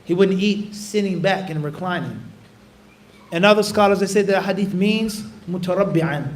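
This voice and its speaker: A man teaching a religious lesson, animated and acting out little dialogues. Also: high-pitched. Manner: animated, acts out dialogues, recites Arabic rapidly. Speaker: Islamic teacher. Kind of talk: religious lesson with acted examples.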